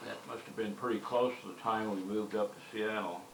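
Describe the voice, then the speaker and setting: A man's voice: fairly low pitch, steady tone, a little fast, roomy sound, a little hiss or hum, rough recording. A man adding brief, matter-of-fact remarks while watching family home movies. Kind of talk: casual chat.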